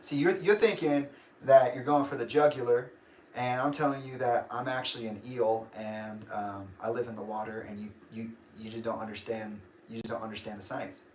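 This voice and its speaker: A man's voice: medium pitch, fairly even intonation, normal speed, a little mellow, slight background noise. A young man hosting a casual livestream, rambling and grumpy, laughing often. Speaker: livestream host. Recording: echoey room.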